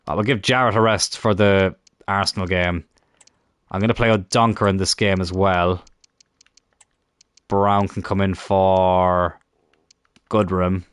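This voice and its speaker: A man's voice: sits low, clear, resonant tone, dry recording, studio quality. A man casually commenting on a football management game, often grumbling and swearing at it. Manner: frustrated, muttering, swears at the game. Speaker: gaming YouTuber.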